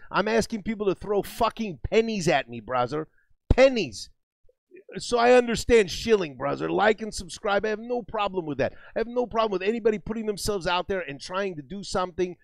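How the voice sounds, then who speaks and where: A man's voice: sits high, gravelly, no echo. A man co-hosting a game stream, ranting and rambling with lots of swearing and calling listeners "brother.". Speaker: streamer co-host. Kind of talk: profane ranting stream chat.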